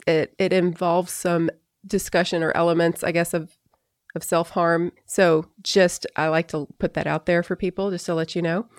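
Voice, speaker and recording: A woman hosting a podcast in casual chat, talking fast with frequent restarts and easy laughter. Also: lowish voice, level tone, dry recording, studio quality. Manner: chatty, restarts often, laughs easily. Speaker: podcast host.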